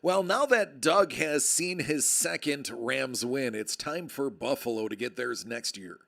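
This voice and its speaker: A man with a mid-range, gravelly and fairly bright voice hosts a card break livestream, speaking expressively at a measured pace. He chats casually and rambles, joking around with viewers.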